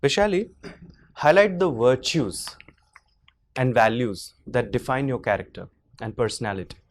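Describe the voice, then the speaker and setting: A man on an interview board asking measured, probing questions in a formal setting. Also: mid-range voice, expressive.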